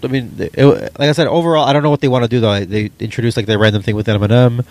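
A man's voice: mid-range voice, rapid-fire, darkish tone, no room sound. A man co-hosting a casual chat, hesitant, with many ums and restarts. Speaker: podcast co-host. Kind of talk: casual chat about movies.

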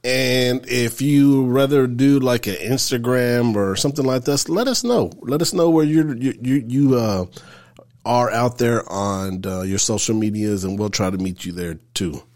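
This is a man co-hosting a podcast, and he speaks. He talks in a laid-back, rambling way, at an even middling pitch. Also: a little slow. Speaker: podcast co-host. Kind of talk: casual chat.

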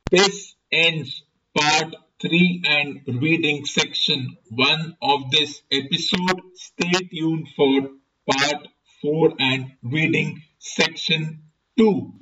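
A man reads a story aloud at a slow, deliberate pace in a fairly high voice. He sounds off-mic, with a dull, muffled tone and a clear hiss underneath. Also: steady tone, bright, forceful tone, faint music behind. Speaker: podcast host and reader. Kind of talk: audiobook-style reading aloud. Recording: distant, muffled, noisy recording.

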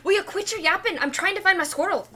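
Brief: woman doing a gruff Scottish woman adventurer, clipped and blunt, high voice. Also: measured pace. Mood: impatient. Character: gruff young woman adventurer, squirrel-loving.

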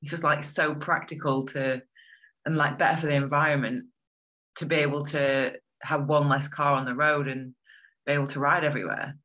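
A woman's voice: low voice, little pitch movement, normal speed, a bit bright. A young woman being interviewed, talking in an enthusiastic, chatty way with lots of fillers. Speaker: guest. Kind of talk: casual interview chat.

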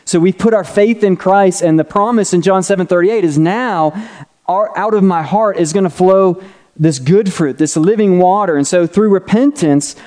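A middle-aged pastor talks through a teaching sermon while drawing on a board, regularly asking "right?" and "okay?" to keep listeners with him. The voice is high-pitched with a somewhat dark tone.

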